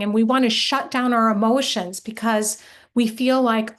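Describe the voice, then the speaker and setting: A woman's voice: a little high, steady tone, a little slow, fairly bright tone. A middle-aged woman leading a workshop for moms, speaking in an earnest, encouraging way and putting questions straight to her listeners. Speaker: workshop leader and coach for moms. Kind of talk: live online workshop talk.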